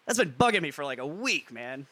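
A man's voice: fairly high pitch, sing-song, fairly quick, pushed and bright, no room sound. Rambling man hosting a podcast. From US Midwest. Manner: rambling, chuckling, loose and joking. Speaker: podcast host. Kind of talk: casual chat.

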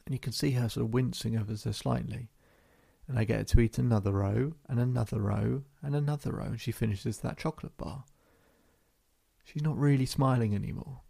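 In a slow, calm storytelling monologue full of repetition, a male hypnotherapist describes a session he conducted. His voice is mid-range, with vocal fry and a breathy edge.

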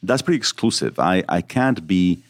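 A man's voice: sits low, lively intonation, normal speed, no echo, studio quality. A man talking as a podcast guest, earnest and reflective, explaining ideas with examples. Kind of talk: podcast interview.

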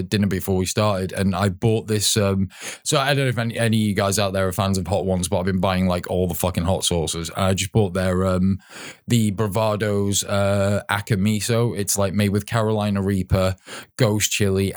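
Casting: low-pitched British guy, stuffy-nosed, rambling podcast co-host, dry close mic. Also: fairly even intonation, moderate pace, no room sound. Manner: rambling, many restarts and fillers, casual swearing. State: bunged up and sneezy. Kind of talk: casual podcast chat.

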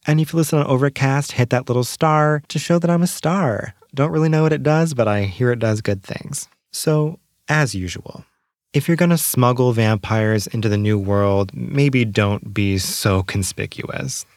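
A man's voice: mid-range voice, moderate pace, few pauses, darkish tone, no echo, clean studio sound. A man hosting a casual solo podcast from a small closet at home, slightly out of breath, dropping wry, sarcastic asides. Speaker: podcast host.

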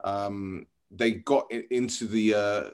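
A man's voice: mid-range voice, animated, a little fast. A man in a casual football podcast, chatty and opinionated, teasing his co-host.

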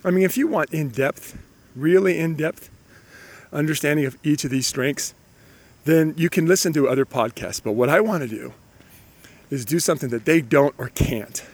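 A man's voice: on the high side, normal speed. A man hosting a solo motivational podcast, upbeat and chatty, with a slight cold and frequent restarts. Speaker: podcast host.

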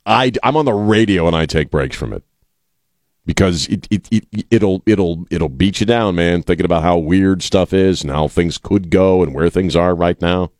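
A man's voice: deep voice, moderate pace, darkish tone, no echo, studio quality. A man hosting a talk radio show, rambling casually with many restarts and an irreverent streak. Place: radio studio. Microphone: studio mic.

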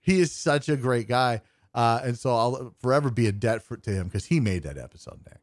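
Animated and brisk, with a medium-pitched voice captured in a clean studio with no room sound, a young podcast co-host rambles through a long story in casual conversation. He acts out the people involved, with self-deprecating humor.

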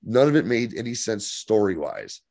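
Low-voiced man recapping a show, profane. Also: big pitch swings, moderate pace, darkish tone, no room sound. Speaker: podcast co-host. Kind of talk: casual podcast chat.

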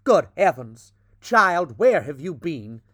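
A man voicing an angry, worried Victorian father who scolds loudly. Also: fairly high pitch, sing-song, slow, breathy edge, no room sound, clean studio sound, exaggerated voice. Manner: loud, stern, scolding.

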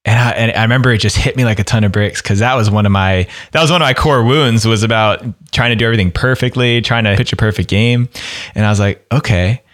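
A man hosting a podcast, telling a candid personal story in an earnest, conversational way. His voice sits low, and he speaks plainly and openly. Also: fast, fairly bright tone. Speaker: podcast host.

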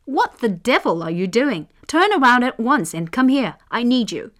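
A woman voicing a short-tempered king in a storybook reading, shouting imperiously. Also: on the high side, very animated, normal speed. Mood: angry.

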